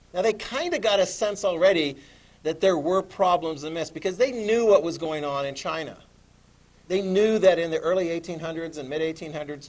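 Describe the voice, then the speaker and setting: A man in middle age lectures a class on history in a slightly high voice. He is animated, keeps throwing questions at his students, and slips into quick voices for the people he talks about. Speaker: history teacher.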